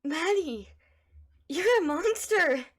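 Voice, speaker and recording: A woman voicing a gentle young female tightrope walker, tender and later shaken, in an amateur voice drama. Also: medium pitch, little pitch movement, takes it slowly, gravelly, a little hiss or hum. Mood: frightened. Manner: tender, then shaken and frightened.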